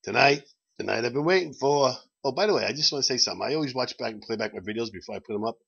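A man's voice: mid-range voice, animated, rapid-fire, vocal fry, a bit bright, husky, highs cut off. A man hosting a casual promotional video chat for his bar, rambling and chuckling as he sways in and out of frame. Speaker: bar owner and vlog host.

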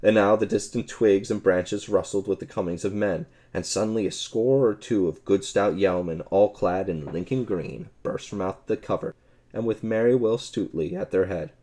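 A man narrating an old adventure audiobook with expressive storytelling. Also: lowish voice, moderate pace.

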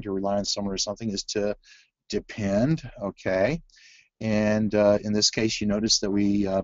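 A man's voice: lowish voice, no echo, lo-fi sound. A man teaching a phonics webinar, talking through word activities with many fillers and restarts. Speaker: reading teacher presenting a webinar. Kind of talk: webinar presentation.

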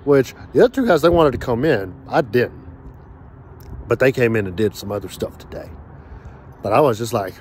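A man's voice: medium pitch, animated, normal speed, long pauses, darkish tone, a little hiss or hum. Man, casual rant, heavy swearing, outdoors, faint passing cars. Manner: profane, heated storytelling. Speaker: vlogger. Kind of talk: casual ranting monologue. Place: outdoors at a grill.

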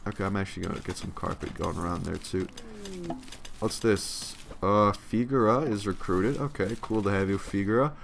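A man's voice: lowish voice, moderate pace, vocal fry, a little hiss or hum. A young man giving casual gameplay commentary, profane, sarcastic and tired, grumbling at the game. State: yawning, tired. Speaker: let's play commentator.

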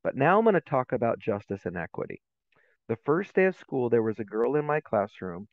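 A man's voice: mid-range voice, fairly quick. A middle-aged man, a guest educator, telling stories in a podcast interview and acting out the voices in them. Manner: animated, acts out voices in his stories. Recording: tinny, phone-like remote line.

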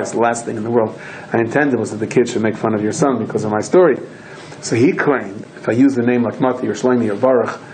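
A man of middle pitch giving a storytelling Torah talk. He tells his stories with lively delivery and slips into his characters' voices as he goes. Faint ambient noise sits quietly behind him. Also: low-quality recording. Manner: animated storyteller who acts out voices and shouts in quoted lines. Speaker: rabbi.

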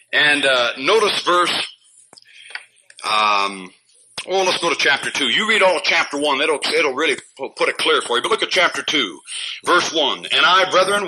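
A pastor preaching a fiery sermon in a church, scolding his listeners and bursting out loud now and then between chuckles. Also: fairly high pitch. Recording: noisy old sermon recording.

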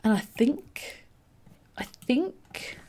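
Gushing woman, lively voice. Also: a little high, drawn-out words, slightly rough. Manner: gushing, excitable, many exclamations. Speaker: let's play host. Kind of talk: gameplay commentary.

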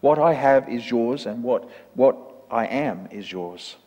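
Storybook priest, old man, kindly and humble, soft calm replies, middle pitch, church reverb read by a man. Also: slow pace, lo-fi sound. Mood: gentle. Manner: gentle and calm.

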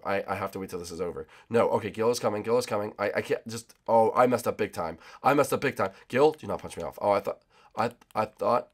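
A man hosting a gaming channel, rambling excitedly to viewers while racing. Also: medium pitch. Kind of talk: casual gameplay commentary.

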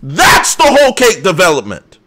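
A young man hosting a live comic reaction, excitable and hype with loud outbursts. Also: high voice, normal speed. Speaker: channel host.

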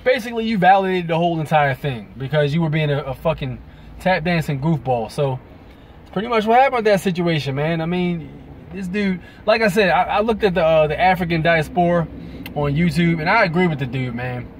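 A man's voice: fairly high pitch, expressive, fairly quick, a little hiss or hum. A man venting in a profane, rambling commentary to his viewers. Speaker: video blogger. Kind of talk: ranting commentary to camera.

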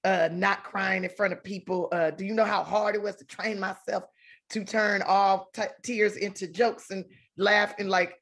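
A woman's voice: mid-range voice, steady tone, normal speed, a bit bright. A woman in her thirties, an actress on a talk show, telling stories comically and acting out both sides of a conversation. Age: 30s. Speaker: actress, guest. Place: television studio.

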